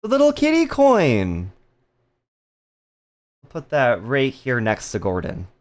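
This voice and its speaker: Speaking slowly, a giggly streamer banters with their live audience, tossing out crude jokes. The voice sits at a middle pitch but swoops around energetically.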